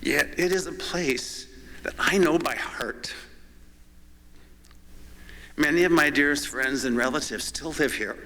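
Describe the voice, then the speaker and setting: A man's voice: medium pitch, fairly bright tone. An older man from the Yakima Valley giving a thoughtful, musing eulogy for his mother in a church. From Yakima Valley, Washington. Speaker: son of the deceased, eulogist. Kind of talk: reflective eulogy. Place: church sanctuary. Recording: church reverb with faint ambient noise.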